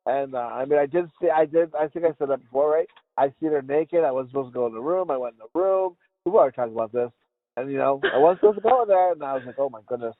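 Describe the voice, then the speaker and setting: A man's voice: fairly high pitch, expressive, fast, dry recording. A man co-hosting a podcast, rambling through crude jokes and laughing often. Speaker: podcast co-host. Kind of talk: crude casual banter. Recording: tinny phone-like sound.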